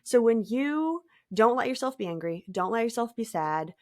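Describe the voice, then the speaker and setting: A woman hosting a reflective spiritual talk, speaking gently and thoughtfully with light laughs and trailing phrases. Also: a little high, animated, normal speed, dry recording, clean studio sound. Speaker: podcast host.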